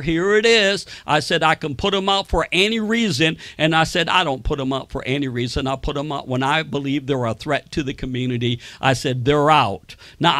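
A man's voice: fairly high pitch, bright, forceful tone, no room sound. A man preaching a sermon, telling personal stories and quoting people in raised voices. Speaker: pastor.

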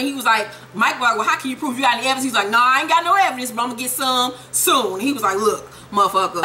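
A young woman giving a profane, animated comedic recap of a TV episode and quoting the characters in quick voices. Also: fairly high pitch, slight background noise. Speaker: TV show recapper.

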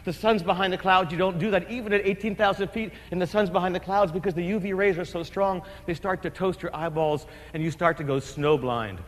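A man from New Jersey giving a keynote speech, telling an adventure story in an animated, comic way with acted-out shouts and asides. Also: sits high, brisk, few pauses. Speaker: keynote speaker. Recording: long hall reverb.

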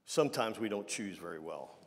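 A man's voice: lowish voice, expressive. A man preaching a conversational sermon, with frequent restarts and asides to the congregation. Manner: conversational, halting with many restarts. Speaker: pastor. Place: church sanctuary. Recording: long reverb of a church hall.

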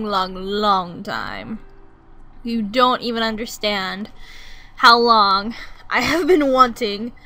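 A young woman giving excitable let's-play commentary, gushing and repeating herself as she plays. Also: a little high. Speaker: gaming YouTuber.

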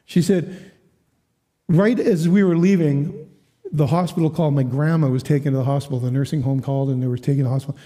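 A man preaching as a guest speaker at a church, telling a story with lively quoted voices and frequent laughs. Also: on the high side, fast talker. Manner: animated, acts out quoted voices, laughs often. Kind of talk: storytelling sermon.

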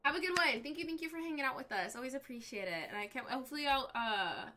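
A young adult woman streaming a game live, chatting with viewers and reacting aloud in an excitable, chatty way. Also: high-pitched, quick pace.

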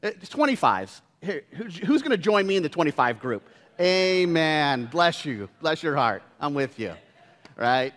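Lively pastor in an echoing church. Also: male voice, on the high side, measured pace. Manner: lively, playful, engages the congregation with questions. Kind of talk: sermon. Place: church sanctuary. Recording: long reverb of a church hall.

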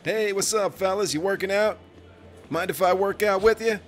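A man's voice: high-pitched, normal speed. A man giving let's play commentary, profane and joking, talking back to the characters on screen. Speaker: gaming commentator. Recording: music playing behind.

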